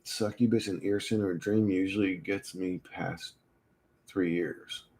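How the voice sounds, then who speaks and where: A man's voice: low-pitched, steady tone, measured pace, darkish tone. A man streaming casual chat with viewers, talking in a crude, profane way and laughing often.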